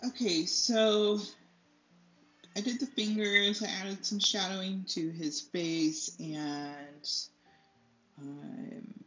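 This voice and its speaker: A chatty young woman talks casually while she paints. She rambles, laughs often and drifts off topic before catching herself. Her voice sits at an ordinary pitch and sounds a little muffled, as if recorded on modest home gear. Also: fairly even intonation, slow, fairly bright tone, soft background music. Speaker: art tutorial host. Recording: slightly dull lo-fi sound.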